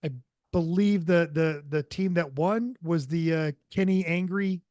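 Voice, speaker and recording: A man's voice: fairly high pitch, a little slow, a little mellow, no echo, studio quality. A man co-hosting a podcast in casual chat, rambling through stories with many fillers and asides. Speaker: podcast co-host.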